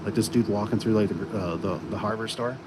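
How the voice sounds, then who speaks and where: A man's voice: lowish voice, a little fast. A man who installs garage doors chatting casually on a livestream, rambling with many fillers and restarts. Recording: noisy, with air conditioning and vehicle sounds.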